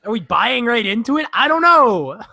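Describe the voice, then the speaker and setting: A man's voice: very high-pitched, moderate pace, creaky, no echo, clean studio sound. A man co-hosting a casual movie review podcast, swearing freely and acting out scenes from the films. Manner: animated, swears, acts out scenes in voices. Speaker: podcast co-host.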